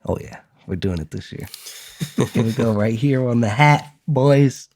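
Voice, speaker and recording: A man co-hosts a podcast in loose, friendly chat, his voice sitting a little on the low side. He talks with energy and often trips into repeated words before landing his point. Laughter slips in between his thoughts. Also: normal speed, darkish tone. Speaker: podcast co-host. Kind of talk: casual chat.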